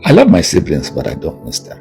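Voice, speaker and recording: A very low, gravelly male voice with wide swings in pitch, speaking bluntly and insistently in a personal monologue. Soft music plays faintly behind him. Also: wildly swooping pitch, a little fast. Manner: blunt and emphatic, rising to raised insistence. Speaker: video monologue host.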